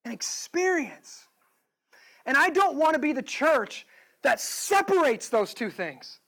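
A man's voice: very high-pitched, sing-song, slow, a bit bright, poor audio. A male pastor preaching a sermon, pressing the listeners with emphatic rhetorical questions.

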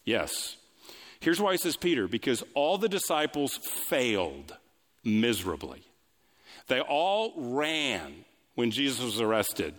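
A male pastor delivering a sermon, building lines through repetition and swinging between raised and hushed delivery. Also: big pitch swings. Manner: preaching with sweeping pitch swings, quick asides and repetition. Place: church sanctuary. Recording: long reverb of a large hall.

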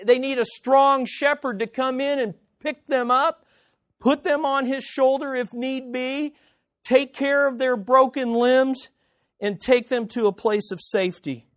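A pastor preaching a sermon with dramatic emphasis, asking the congregation rhetorical questions and calling for amens. They swing between loud, pressing lines and soft, hushed ones. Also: sits high, unhurried.

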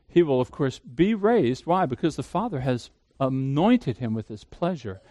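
A man's voice: medium pitch, big pitch swings, normal speed, dark tone, dry recording. A man preaching a sermon as pastor, emphatic, asking the listeners questions and answering them himself.

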